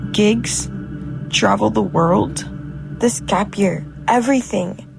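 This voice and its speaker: A young woman in mourning voiced by an actress speaks slowly in an animated short film. Her voice is gravelly and sorrowful. A score plays clearly beneath her. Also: mid-range voice. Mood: mournful. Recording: under a music score.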